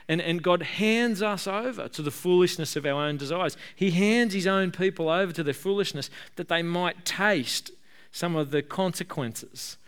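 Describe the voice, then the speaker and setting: Guy preaching a casual sermon, repeats himself for emphasis, lots of ums. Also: fairly high pitch. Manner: conversational preaching, emphatic repetition, frequent fillers. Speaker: pastor.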